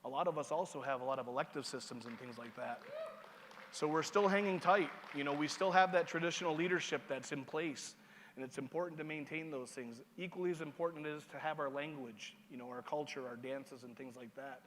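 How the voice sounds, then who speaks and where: A man's voice: medium pitch, a little fast, a bit bright. A man giving conference opening remarks as master of ceremonies, casual and joking, checking in with the audience. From Seneca Nation. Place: large conference hall. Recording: hall reverb.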